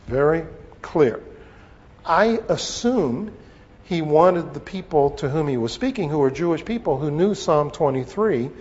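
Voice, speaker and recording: Slow-speaking man preaching in a reverberant hall. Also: a little high, a little mellow. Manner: slow, deliberate delivery with pauses and fillers. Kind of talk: expository Bible teaching. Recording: long reverb, dull lo-fi sound.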